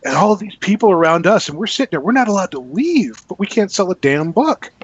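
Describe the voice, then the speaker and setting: A man with a slightly high voice tells a lively story as a podcast guest, acting out the people in it. The sound is muffled and lo-fi. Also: brisk, breathy edge. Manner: animated storyteller, acts out quotes. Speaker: guest author. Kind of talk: casual anecdote on a podcast.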